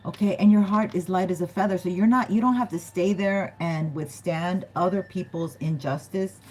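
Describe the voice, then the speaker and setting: A woman's voice: lowish voice, normal speed, a little mellow, rough recording. A woman giving a casual, chatty tarot reading to her viewers, often giggling and acting out what other people might say. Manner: chatty, giggly, acts out quoted voices. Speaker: tarot reader.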